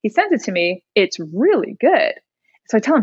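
A woman's voice: a little high, normal speed, husky, no room sound, muffled recording. A young woman from Indiana in her twenties, telling a story in casual chat and acting out the voices of the people she quotes. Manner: animated storyteller, acts out quoted voices, laughs often. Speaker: podcast guest, songwriter and rapper.

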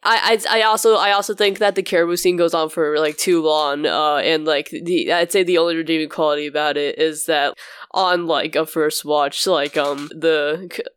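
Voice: mid-range voice, steady tone, moderate pace, a bit bright, clear, resonant tone, dry recording. A co-host in a casual film review, rambling with many fillers such as "like" and "um". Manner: rambling, heavy use of "like" and "um".

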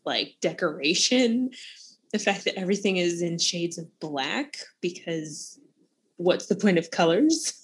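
A woman's voice: fairly low pitch, husky. A woman co-hosting a casual book podcast, amused, laughing often as she talks. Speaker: podcast co-host. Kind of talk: casual chat about books.

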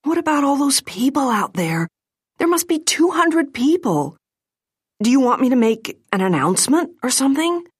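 A woman voicing the bride's best friend, who speaks slowly, carefully and firmly. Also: high voice, very animated, no room sound, studio quality, pitched above the performer's own voice. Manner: slow, careful, firm.

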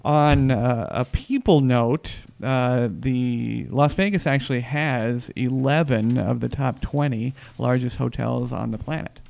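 A man hosting a casual podcast chat, talking haltingly with many restarts and fillers. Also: mid-range voice, creaky, a little mellow. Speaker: podcast host.

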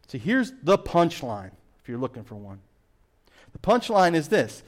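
A male pastor preaching with a slightly high, very animated voice. He jumps from loud emphatic bursts to quiet, hushed asides. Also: moderate pace. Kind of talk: sermon.

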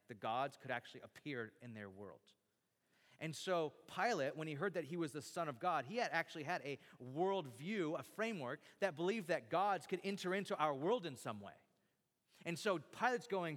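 A man's voice: a little high, a bit bright. A man preaching a sermon, dramatically acting out the lines he quotes. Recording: long hall reverb.

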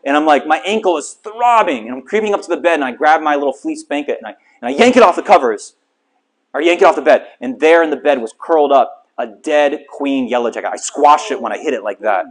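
Animated man telling a story in a sermon. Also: a little high, fast talker. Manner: animated storytelling with self-mocking humor. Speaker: pastor.

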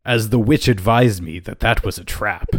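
A man's voice: lowish voice, moderate pace, dry recording. A man hosting a podcast, joking around with his co-hosts in casual banter. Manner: playful, jokey, mock-welcoming. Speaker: podcast host.

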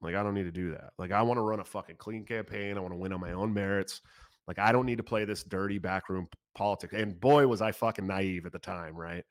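Man, thirties, low voice, casual storytelling, swears a lot, fast and animated, dry close sound. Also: no room sound. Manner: profane, animated, talks fast. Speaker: political candidate.

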